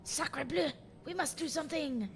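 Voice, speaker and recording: A woman's voice: high voice, steady tone, normal speed, fairly bright tone, slight background noise, voice pushed up. A woman voicing a scheming female cat in a tabletop role-play, with mock French phrasing.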